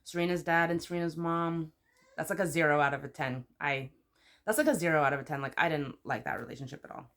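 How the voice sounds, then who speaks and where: A woman vlogger in casual chat, giving chatty, opinionated ratings with lots of fillers and sudden high exclamations. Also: fast, fairly bright tone. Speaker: YouTuber.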